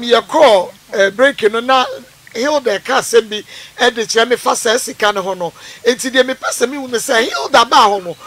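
A Ghanaian woman hosts a radio counselling programme, her voice high and bright. She presses her guests with sharp, probing questions, one after another. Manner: probing, questions callers pointedly. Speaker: radio host. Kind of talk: call-in counselling talk show.

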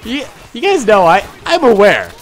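A young man from the Boston area giving relaxed, chatty, self-mocking gameplay commentary as the host of a gaming channel. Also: sits high, moderate pace, slight background noise. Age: young adult.

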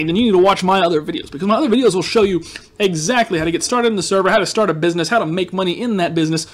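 High-voiced, jokey gaming host man. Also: rapid-fire. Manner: jokey, rambling, playfully sarcastic. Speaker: Minecraft let's-play host. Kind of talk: casual gameplay commentary.

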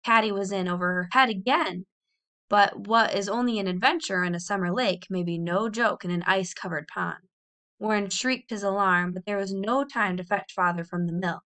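Woman, audiobook reader, children's novel, expressive, bright tone. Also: medium pitch, moderate pace. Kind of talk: reading a children's novel aloud.

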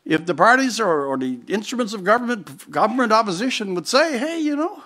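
A man from Newfoundland, with the accent to match, holds forth at a conference lectern in a strikingly high voice. He spins comic anecdotes with theatrical relish and pounces on sudden emphatic asides. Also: animated, brisk, bright, forceful tone. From Newfoundland, Canada. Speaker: conference speaker. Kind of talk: humorous storytelling speech. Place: conference hall before a live audience.

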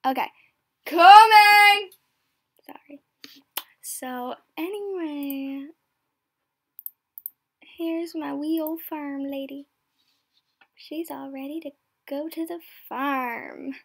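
A woman's voice: sits high, slow pace, gravelly, pauses often. A girl with new braces chatting casually while she plays an online game, giggling and often dropping to a whisper. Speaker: gameplay commentator.

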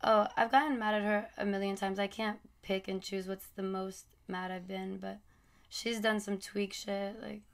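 This twenty-something mom talks with friends on a podcast, relaxed and slangy, dropping "like" and "bro" constantly. She has a gravelly, mid-range voice with little pitch movement, spoken at a moderate pace.

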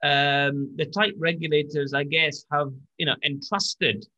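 A man co-hosting a casual podcast chat, speaking haltingly with many repeated words and fillers. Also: a little high, steady tone, sharp tone, highs cut off. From British. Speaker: co-host.

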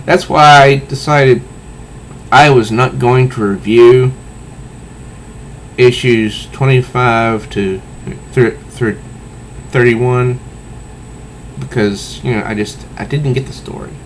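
A man's voice: mid-range voice, steady tone, takes it slowly, pauses often, a little hiss or hum. A man giving a casual comic book review, recounting panels aloud with sound effects and frequent restarts.

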